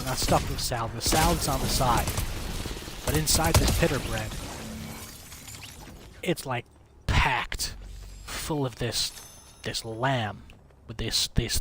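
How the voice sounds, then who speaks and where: A man's voice: medium pitch, very noisy. Profane rambling streamer man. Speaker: livestreamer. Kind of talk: casual chat while gaming.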